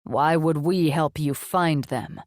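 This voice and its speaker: A woman voicing a stern, gruff male demon wolf leader who speaks tersely. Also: sits low, slow pace, darkish tone, dry recording, studio quality. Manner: terse, snarling.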